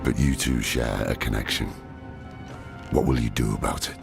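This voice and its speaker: A gravelly old druid mentor. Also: male voice, rumbling low, steady tone. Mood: grim. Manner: grave, measured delivery. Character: gruff weary older male druid mentor. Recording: game dialogue under loud music.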